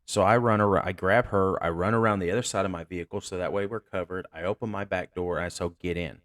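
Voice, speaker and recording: A deep-voiced man, a deputy hosting his own show, recounts a call in casual, candid speech laced with profanity. The sound is dry and close, with no room around it. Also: fairly even intonation, quick pace, a bit bright, no echo. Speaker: sheriff's deputy and podcast host. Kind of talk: casual storytelling.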